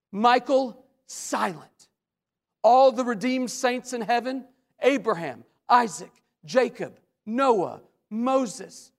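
A man preaching a sermon as a pastor, with dramatic swings between loud questions and hushed asides. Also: extremely high pitch. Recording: long hall reverb.

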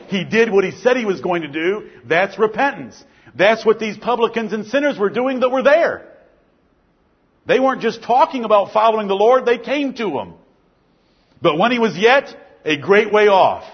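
Male preacher going hard on repetition, high voice, muffled lo-fi sermon tape. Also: animated, moderate pace, husky. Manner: fervent, emphatic repetition.

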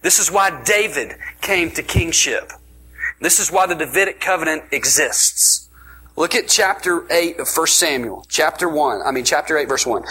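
Man, preacher, sermon, bright forceful tone, husky, emphatic repetition. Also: fairly high pitch, normal speed, rough recording. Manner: energetic, emphatic, repeats words.

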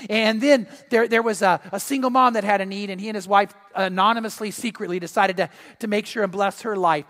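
A man's voice: high-pitched, fairly quick. A middle-aged man preaching a sermon as pastor, telling stories and acting out the people in them. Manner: animated storytelling preacher, acts out quotes. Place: church sanctuary. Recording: long reverb of a church hall.

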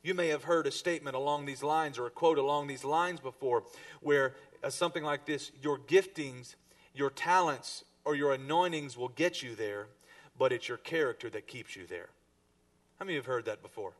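A man's voice: mid-range voice, normal speed. Man preaching a sermon, from a distance. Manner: preaching to a congregation, with emphatic rises and soft drops. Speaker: pastor.

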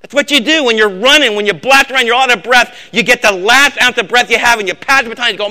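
Talking fast with few pauses, an older pastor delivers a sermon that swings between loud urging and hushed emphasis, repeating words for effect.

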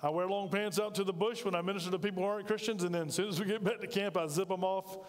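High-voiced male preacher in echoing hall. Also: steady tone, rapid-fire. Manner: conversational preaching with asides and rhetorical questions. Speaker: pastor. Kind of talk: sermon. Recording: reverberant hall.

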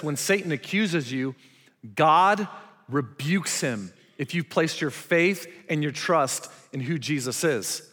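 A man's voice: fairly high pitch, fairly bright tone. A man preaching a sermon with emphasis, putting rhetorical questions to his congregation. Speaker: pastor. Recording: long reverb of a large hall.

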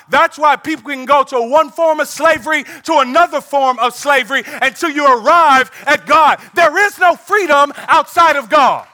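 A male pastor preaching an animated sermon, breaking into bursts of shouting and playful asides. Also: extremely high pitch, moderate pace, few pauses.

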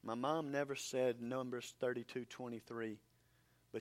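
A man's voice: mid-range voice, fairly even intonation, unhurried. A man preaching a sermon as pastor, earnest and emphatic.

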